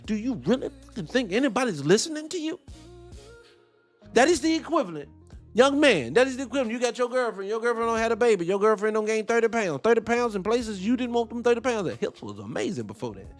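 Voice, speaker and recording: A man hosting a show, reacting to a debate clip with animated, profane commentary and rhetorical questions. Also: very high-pitched, quick pace, soft background music. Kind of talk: heated commentary.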